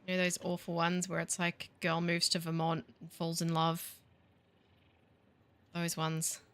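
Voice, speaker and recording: A woman's voice: fairly low pitch, monotone, unhurried, fairly bright tone, smooth. A woman giving casual gameplay commentary, wry and self-mocking, grumbling at the game as she builds. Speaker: gaming video host.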